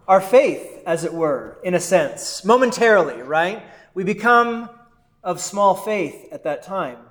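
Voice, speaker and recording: A pastor with a high voice delivers a sermon at an unhurried pace. He speaks to the congregation as if chatting, and keeps asking "right?" He also slips into short voiced quotes of the people in his reading. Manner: conversational, often adds "right?"; quotes and voices figures from the text.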